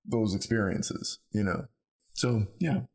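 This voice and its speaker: A man co-hosting a podcast, rambling through ideas in casual conversation and telling stories with lively acted-out quotes. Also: on the low side, slow, creaky. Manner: rambling, animated storyteller who acts out quotes. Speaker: podcast co-host.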